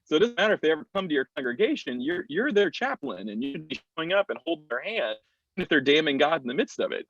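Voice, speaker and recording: A man's voice: big pitch swings, quick pace, fairly bright tone, a little hiss or hum. A man putting on a Scottish accent to voice a scolding rural parishioner from the Glens. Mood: insistent. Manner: chiding, teasing, raised put-on pitch. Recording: dull lo-fi dry sound.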